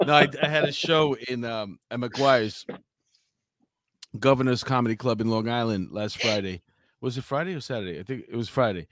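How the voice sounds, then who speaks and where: New man telling an animated story. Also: medium pitch, normal speed, dry recording. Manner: animated storyteller, laughs through his anecdotes. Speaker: co-host, former police officer. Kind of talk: casual chat, storytelling.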